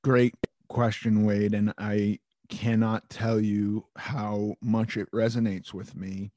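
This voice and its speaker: A man's voice: on the low side, flat delivery, takes it slowly, dark tone, no echo. A man hosting a podcast, talking candidly in casual chat, with frequent restarts and casual swearing. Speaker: podcast host.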